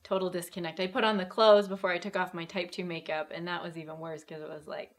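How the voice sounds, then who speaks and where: A woman's voice: lowish voice, level tone, quick pace. A woman style expert in a casual group chat, speaking thoughtfully with some hesitation.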